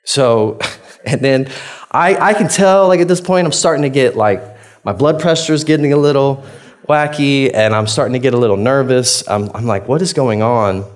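Laughing, chatty pastor. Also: male voice, medium pitch, moderate pace. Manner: chatty, self-deprecating, laughs often, acts out his own reactions. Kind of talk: conversational sermon with a personal story.

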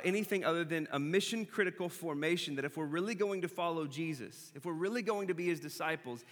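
A man delivers a sermon in a conversational style, slowing down and repeating his main points for weight. His voice sits a little high for a man. The sound carries a long reverb from the church hall around him. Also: fairly bright tone. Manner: conversational preaching, repeats key phrases slowly for emphasis. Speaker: pastor. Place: church sanctuary.

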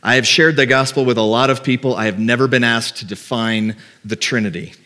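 A man's voice: mid-range voice, fairly even intonation, fairly quick, bright, forceful tone. Conversational man preaching a sermon. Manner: conversational preaching, acts out doubts in quoted voices. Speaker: pastor.

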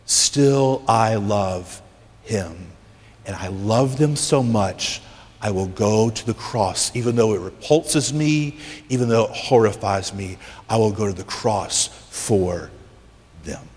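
A man preacher voicing God as a loving, resolute father, speaking low, hushed and deliberate, in a big reverberant hall. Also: close to an everyday voice. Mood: tender.

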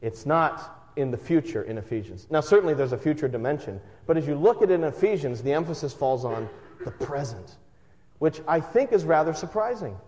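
A man in his thirties preaching a sermon in a conversational, animated way, with self-deprecating humor. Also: fairly high pitch, a little fast. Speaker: pastor. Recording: muffled sound from a reverberant hall.

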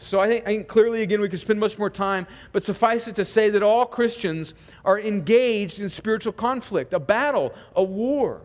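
A man's voice: high-pitched, moderate pace, hardly any pauses. A man speaking as a pastor in a church, praying and then preaching a sermon in an earnest way, often restarting his words. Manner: earnest, with frequent small restarts. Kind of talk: sermon with opening prayer. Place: church sanctuary.

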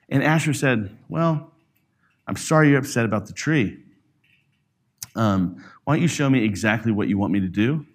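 A middle-aged father tells a personal story to a church audience. His pitch moves a great deal, and he slips into the voices of the people he quotes. The talk is loose and conversational. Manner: animated, acts out quoted voices. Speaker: parent speaking to a church audience.

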